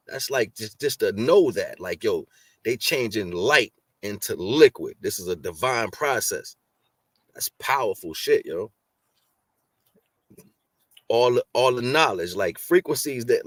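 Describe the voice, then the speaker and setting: Low-voiced man musing in casual chat. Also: dry recording, studio quality. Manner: rambling, musing, lots of "you know what I'm saying".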